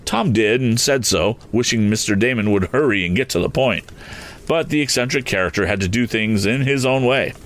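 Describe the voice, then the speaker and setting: A man narrating a storybook chapter in an expressive reading style. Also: on the low side, normal speed. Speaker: audiobook reader.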